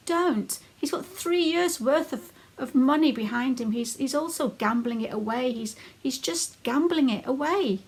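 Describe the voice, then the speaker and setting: Husky woman, indignant commentary. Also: on the high side. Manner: indignant, emphatic warning. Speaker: commentary channel host. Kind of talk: critical commentary.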